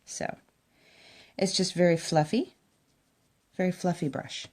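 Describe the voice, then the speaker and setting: A woman's voice: fairly low pitch, unhurried, a little mellow, breathy edge. Chatty woman vlogging a makeup tutorial. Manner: chatty and enthusiastic, talks to viewers directly. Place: at home by a window.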